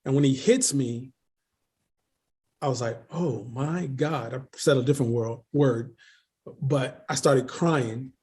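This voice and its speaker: A middle-aged man, a leadership coach telling lively stories in an interview, laughing often and repeating phrases. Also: mid-range voice, unhurried, long pauses, slightly rough. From Queens, New York. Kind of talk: casual storytelling interview.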